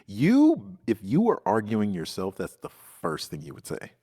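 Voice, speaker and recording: This man co-hosts a casual podcast and pokes at his friend's arguments with wry, teasing remarks. His voice is fairly low, but its pitch leaps and dives dramatically. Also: wildly swooping pitch, a little slow, dark tone, husky. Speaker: podcast co-host. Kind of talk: casual chat.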